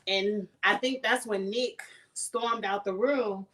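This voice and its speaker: A woman's voice: on the high side, a little slow, hardly any pauses, a bit bright, low-quality recording. Chatty woman recapping reality TV. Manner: chatty, playful, acts out quotes in sassy voices. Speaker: show reviewer.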